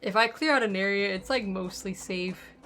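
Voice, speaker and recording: Her medium-pitched voice sounds pushed and bright at a normal speed, even as she's losing it. Streaming a game, this woman comments casually, thinking out loud and trailing off into fillers.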